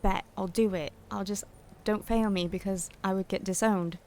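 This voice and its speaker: A woman's voice: mid-range voice, fairly even intonation, normal speed, darkish tone, slight background noise. A young adult woman streaming a game, chatting casually and rambling to her viewers. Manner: chatty, rambling, talks to chat. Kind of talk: casual gameplay chat.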